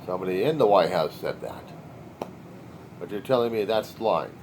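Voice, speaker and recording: Sardonic man rambling in a lively voice. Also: low voice, normal speed, a little hiss or hum. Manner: sardonic, wisecracking, wandering. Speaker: video diarist. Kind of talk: rambling personal monologue.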